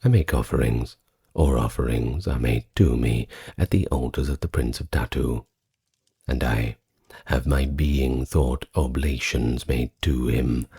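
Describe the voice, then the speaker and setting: A man reading ancient sacred texts aloud in a slow, soft-spoken ASMR style, with a solemn and measured recitation. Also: a bass voice, vocal fry, slightly rough.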